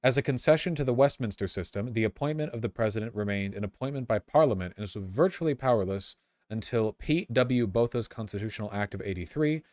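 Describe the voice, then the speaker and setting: A man with a fairly low voice reads a history text aloud, then drifts into offhand, sarcastic commentary. He stumbles and repeats words as he goes. The sound is dry, with no room echo. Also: lively intonation, fast talker, darkish tone.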